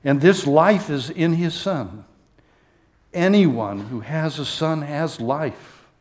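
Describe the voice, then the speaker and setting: A man preaching a sermon to his congregation as a pastor, speaking earnestly and with deep emotion, and closing with a prayer. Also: lively intonation, darkish tone. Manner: earnest, emotional, slow and heartfelt, addressing the congregation.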